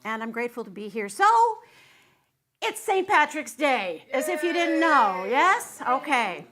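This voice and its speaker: Middle-aged woman minister, high-pitched and bubbly, chatting and joking through a sermon. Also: big pitch swings, unhurried, a crowd in the background. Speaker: guest minister. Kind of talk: sermon with singing and audience banter. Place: church sanctuary.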